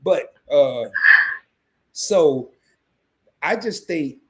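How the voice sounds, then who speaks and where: Animated husky man, podcast co-host. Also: very slow. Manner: animated, jumps into a high excited voice when making a point. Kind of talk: casual podcast talk.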